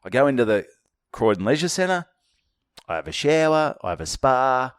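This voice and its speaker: A middle-aged Australian man co-hosting a podcast, telling stories in a casual, animated way and swearing often. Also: mid-range voice, moderate pace, smooth, no room sound, clean studio sound. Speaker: podcast co-host. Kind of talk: casual chat.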